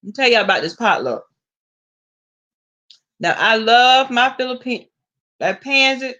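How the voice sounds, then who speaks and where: A woman with a Southern US accent telling stories in a sassy, animated way, laughing often. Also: fairly high pitch, a little slow, dull audio. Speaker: vlogger. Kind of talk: casual storytelling.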